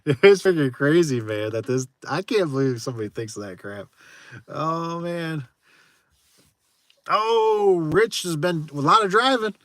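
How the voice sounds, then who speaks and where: A man's voice: on the high side, animated, unhurried, fairly bright tone, no echo. A man who runs a garage door repair business, chatting casually with viewers on a livestream, laughing often and tossing in frequent exclamations.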